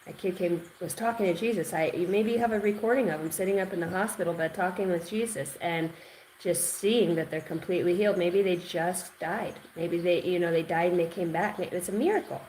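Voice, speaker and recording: A woman giving an intuitive tarot reading, rambling and excitable, repeating words and swearing now and then. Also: fairly low pitch, brisk, a little hiss or hum, rough recording. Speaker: tarot reader.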